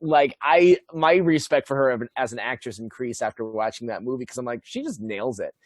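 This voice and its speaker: A young man co-hosting a podcast in casual chat, enthusiastic and quick to laugh. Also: medium pitch, fairly even intonation, no echo, clean studio sound. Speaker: podcast co-host.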